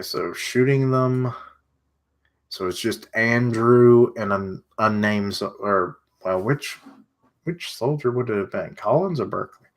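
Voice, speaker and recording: Male streamer, casual reading reaction, slow, chatty asides. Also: lowish voice. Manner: chatty commentary, muttering asides while reading aloud.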